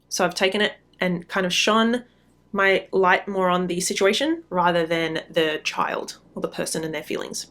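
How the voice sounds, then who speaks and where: A middle-aged woman hosting a parenting podcast, giving advice in a relaxed, conversational way with frequent ums. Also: fairly low pitch, moderate pace. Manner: conversational, frequent ums, acts out quoted lines. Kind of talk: casual advice talk. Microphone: podcast mic.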